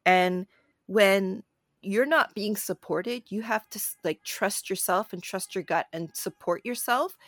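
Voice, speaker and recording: A woman co-hosting a film podcast talks in an animated, chatty way and often breaks into laughter. Her voice sits at an ordinary middle pitch. The sound is dry and close to the mic. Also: a little slow, no echo. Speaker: podcast co-host. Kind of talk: casual film discussion.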